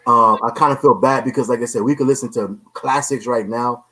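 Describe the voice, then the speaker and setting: A man's voice: mid-range voice, fairly even intonation, fairly quick, pushed and bright, rough recording. A man hosting a casual podcast chat, emphatic, who keeps checking in with his listeners as he talks. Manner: emphatic, keeps repeating "you know what I'm saying". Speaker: podcast host.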